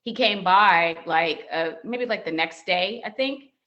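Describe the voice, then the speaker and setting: A woman's voice: unhurried, dull audio. A middle-aged woman, a podcast guest, telling a casual story and acting out the quoted dialogue in a raised voice. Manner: animated, acts out quoted dialogue in higher voices.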